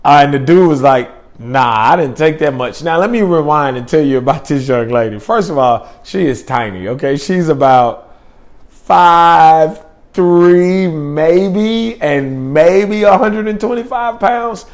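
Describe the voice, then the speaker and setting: A man's voice: fairly high pitch, unhurried. A young man telling a personal story in a laid-back, slangy, rambling way with lots of fillers. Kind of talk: casual storytelling.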